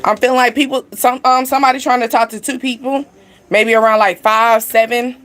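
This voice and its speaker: Young woman, tarot reader, loose chatty delivery, voice sitting a touch high. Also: steady tone, a little fast, a bit bright. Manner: rambling, chatty, heavy use of "like" and "you know". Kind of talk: casual spiritual reading to camera.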